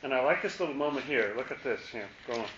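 Male Bible teacher, chatty and musing, lingers on phrases; tense bright voice. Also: medium pitch, expressive, reverberant, muffled recording, slight background noise. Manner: musing, repeats key phrases slowly for emphasis. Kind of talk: conversational Bible study.

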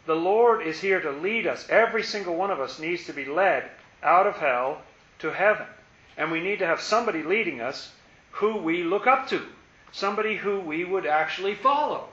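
A man giving a reflective Bible talk, musing and turning forceful and emphatic, in an echoey, dull lo-fi recording. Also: sits high, lively intonation, fairly quick. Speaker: Bible teacher.

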